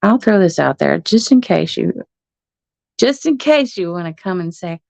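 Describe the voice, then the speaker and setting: Chatty woman with a gravelly voice. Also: fairly low pitch, sing-song, moderate pace, a little mellow, no room sound. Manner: chatty, laughs often, swears casually. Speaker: livestream host. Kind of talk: casual livestream chat. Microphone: phone. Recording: muffled phone stream audio.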